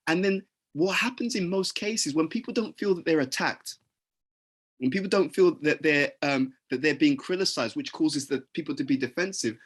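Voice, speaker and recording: A man's voice: a little high, normal speed, a bit bright, husky. A man giving a conversational talk on leadership, often restarting his sentences and acting out example conversations. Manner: acts out example dialogues, frequent restarts. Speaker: leadership teacher.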